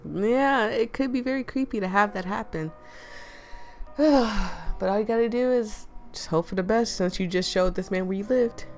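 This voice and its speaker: A chatty woman with a deep, low-set natural voice and a drawl reacts out loud as she reads and plays a story game. She laughs often and talks straight to her viewers. Soft music sits under her voice. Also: normal speed. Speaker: game streamer. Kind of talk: playing and reading a visual novel aloud.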